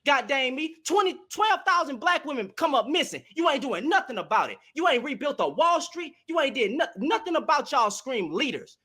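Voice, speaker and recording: A man in a heated panel debate. His voice sits strikingly high and bright, and he rattles off impassioned, preachy questions at speed. His pitch swings widely as he argues. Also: very animated, a little fast, hardly any pauses. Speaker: panel guest.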